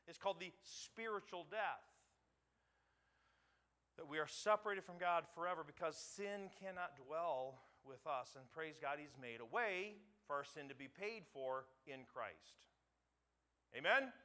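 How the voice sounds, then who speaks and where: Male preacher, sermon delivery, pitched a bit high, sharp bright tone, swells to loud emphasis. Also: expressive, measured pace. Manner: repeats words for emphasis, asks the congregation questions. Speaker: pastor.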